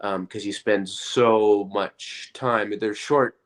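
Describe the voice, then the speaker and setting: A man being interviewed as an actor, talking in a relaxed, rambling way with many fillers. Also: lowish voice, slow. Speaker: actor guest. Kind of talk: casual interview chat.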